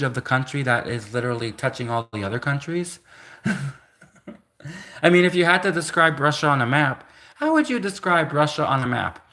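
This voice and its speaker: A man's voice: on the high side, lively intonation, moderate pace, long pauses, bright, forceful tone. A man in his thirties on a livestream, rambling casually with lots of fillers and restarts. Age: 30s. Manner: rambling, many restarts and "like" fillers, laughs between thoughts. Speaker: livestream host.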